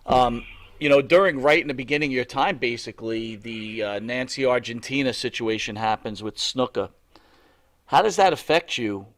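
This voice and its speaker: A man's voice: medium pitch, a bit bright. A man hosting a wrestling interview, asking long questions with many restarts. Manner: halting, rambling questions. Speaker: host.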